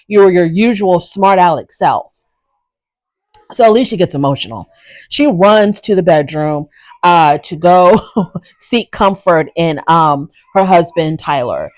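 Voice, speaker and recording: A woman's voice: fairly low pitch, no echo. A woman hosting a casual recap show, giving frank, opinionated commentary in a chatty way. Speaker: reality show recap host.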